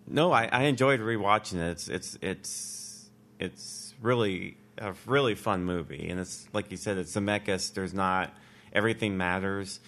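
A man's voice: low voice, moderate pace, a bit bright. A man chatting casually on a film podcast, enthusiastic and rambling with many restarts. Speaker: podcast co-host. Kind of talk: casual movie review chat.

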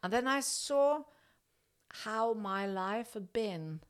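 A fairly high, smooth voice, taken slowly, comes from a middle-aged Norwegian woman speaking English as an interview guest. She tells her story casually and hesitantly with many fillers and restarts, livening up to act out dialogue.

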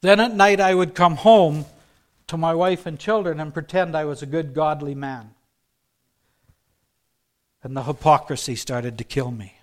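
A man preaching a sermon built on his own testimony, telling it earnestly and dropping to a hush for emphasis. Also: fairly high pitch, unhurried, pauses often.

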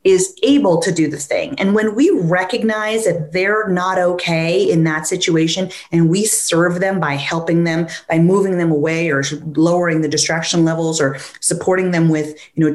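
A woman and dog trainer talking casually, lively, who keeps acting out what a dog or its owner would say. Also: on the low side. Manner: animated, acts out dog and owner voices. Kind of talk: conversational podcast talk.

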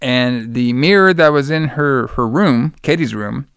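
This man, a podcast host, casually recaps a movie one scene at a time, rambling at a measured pace and leaning heavily on fillers. When he quotes a character his smooth, resonant voice bursts higher and louder. The recording is close, with no echo or room sound.

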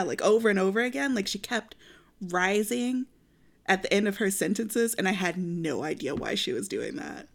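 A woman co-hosting a casual book chat, relaxed and quick to laugh, using plenty of fillers. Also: mid-range voice, vocal fry. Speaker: book podcast co-host.

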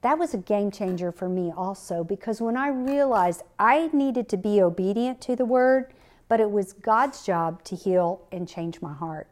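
A woman's voice: medium pitch, lively intonation, moderate pace, a little mellow. Earnest woman sharing a faith story. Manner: earnest, personal storytelling with scripture quotes. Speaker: podcast host. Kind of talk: faith-based podcast talk.

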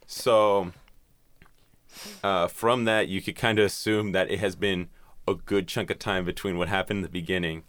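A man's voice: low-pitched, steady tone, moderate pace, a bit bright. A man in casual chat, recapping a film's plot in a rambling way with lots of swearing and filler words. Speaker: podcast host recapping a film.

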